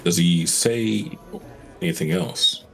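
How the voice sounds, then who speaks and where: A man's voice: lowish voice, big pitch swings, slow, creaky. A man playing a tabletop game, thinking aloud in casual chat. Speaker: player.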